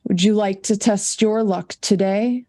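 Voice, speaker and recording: A woman voicing a proud, very tall and muscular orc warrior woman who speaks in a stern, cold, measured way. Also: mid-range voice, fairly even intonation, dark tone, dry recording, natural voice. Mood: threatening.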